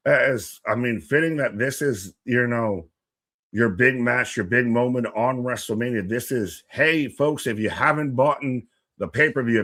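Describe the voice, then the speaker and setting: A man co-hosting a live wrestling watch-along, rambling and animated, joking with the chat. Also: mid-range voice.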